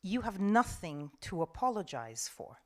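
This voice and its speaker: A woman in her forties, not a native English speaker, a broadcast journalist giving an animated, expressive talk on a festival panel. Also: fairly low pitch, measured pace. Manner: animated, expressive, acts out quotes.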